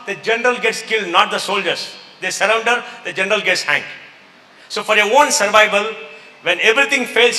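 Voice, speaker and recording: Indian english guy giving a fired-up talk, bright sharp voice, big echoey hall. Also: high voice, slight background noise. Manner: emphatic, rhetorical, mixes in Hindi phrases. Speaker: guest speaker. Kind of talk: motivational talk with Q&A.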